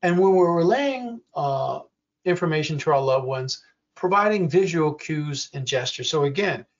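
Slow, deliberate older male presenter. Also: a little high, animated, distant mic. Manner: slow, deliberate, acts out quoted examples. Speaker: workshop presenter. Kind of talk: educational workshop talk. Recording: dull lo-fi audio.

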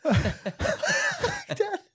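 A man's voice: very high-pitched, wildly swooping pitch, very slow, sharp tone. A man co-hosting a podcast, reacting with laughter and disbelief in casual banter. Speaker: podcast co-host.

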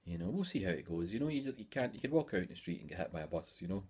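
A Scottish man in his forties talks casually to camera in a hobby vlog. His voice sits very low, and he rambles along with plenty of "eh" fillers. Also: very animated, very fast, darkish tone, slightly rough. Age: 40s. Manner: chatty and rambling, many "eh" fillers. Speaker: hobby YouTuber.

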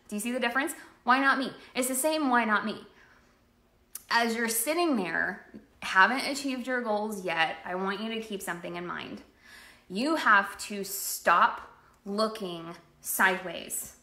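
A woman giving a chatty, animated live-streamed motivational talk as a network marketing coach, acting out people's inner voices. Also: mid-range voice, a little slow, reverberant.

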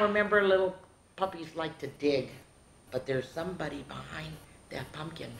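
A woman reading picture books aloud to young children in a playful, animated way, speaking to them directly. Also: sits low, normal speed, creaky, slight background noise. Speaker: children's storytime reader. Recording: echoey room.

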